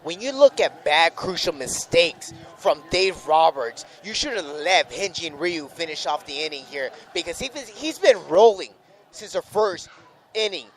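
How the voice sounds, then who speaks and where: A man's voice: a little high, lively intonation, a little slow. A man co-hosting a live sports radio show, commenting on the game and repeating himself emphatically when upset.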